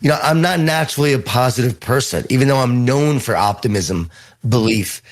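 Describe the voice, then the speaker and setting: A middle-aged man with a Long Island New York accent, a guest author telling earnest, animated stories in an interview. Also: medium pitch, fairly quick. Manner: earnest, animated storytelling with repeated phrases. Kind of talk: storytelling interview answers.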